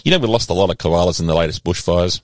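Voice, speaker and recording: Low-voiced easygoing Australian man. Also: animated, racing, no room sound. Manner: chatty, laughs easily, takes ribbing. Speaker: co-host. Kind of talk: casual chat.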